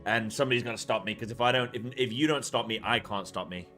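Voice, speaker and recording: A man's voice: mid-range voice, fast, soft background music. A man streaming a game, out of breath, chatting casually with viewers and exclaiming at what happens on screen. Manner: excitable, exclaims at the game, talks to chat. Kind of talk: casual live-stream chat while gaming.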